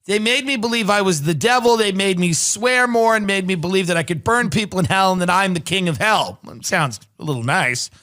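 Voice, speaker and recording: A man's voice: sits high, a little fast, few pauses, bright, forceful tone. A man hosting a podcast, reading news articles aloud and riffing on them with sardonic comedic commentary. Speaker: podcast host.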